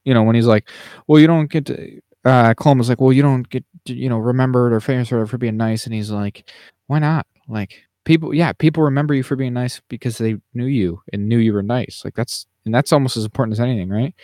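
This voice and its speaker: A man's voice: mid-range voice, fast talker, darkish tone, dry recording, clean studio sound. A man co-hosting a podcast, musing about a film in a meandering, hedging way, thinking aloud as he goes. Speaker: podcast co-host. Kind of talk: casual movie discussion.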